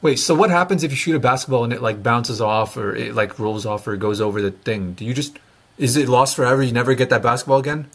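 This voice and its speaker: A man's voice: mid-range voice, fairly even intonation, fast talker, fairly bright tone, slight background noise. A man hosting a reaction video, talking bluntly and mocking what he watches in casual, sarcastic commentary.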